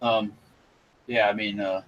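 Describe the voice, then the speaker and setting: A man's voice: on the low side, little pitch movement, takes it slowly, a bit bright, muffled recording, a little hiss or hum. A man joining a casual podcast, blunt and chuckling as he talks. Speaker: podcast co-host.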